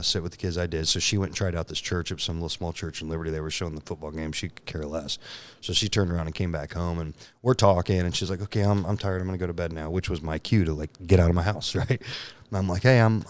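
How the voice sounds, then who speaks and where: A man in his thirties, a podcast guest, telling a candid personal story in casual talk, laughing often and acting out the lines he quotes. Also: low voice.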